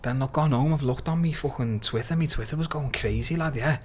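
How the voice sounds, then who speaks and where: A man's voice: medium pitch, a little fast, a little hiss or hum. Slangy young Scouse man telling stories. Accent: Liverpool (Scouse). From Liverpool, England. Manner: animated, slangy, sweary, keeps saying "lad". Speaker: podcast guest, MMA fighter. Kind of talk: casual storytelling.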